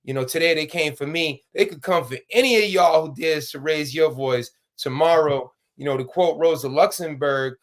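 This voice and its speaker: Urgent, fairly high-voiced male guest. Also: normal speed, hardly any pauses. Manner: urgent and rallying, with many fillers and repeats. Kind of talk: impassioned political talk.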